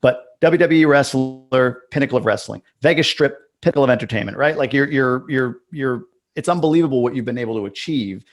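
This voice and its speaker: A man's voice: medium pitch, brisk, few pauses. A man hosting a casual interview, talking in a loose, rambling way with frequent restarts. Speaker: host.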